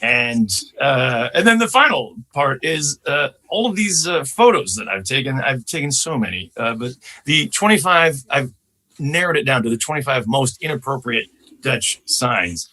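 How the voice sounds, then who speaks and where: Animated bright-voiced American comedian. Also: male voice, medium pitch. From Chicago, USA. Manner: animated, quick to slip into impressions. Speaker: guest comedian. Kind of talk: podcast conversation.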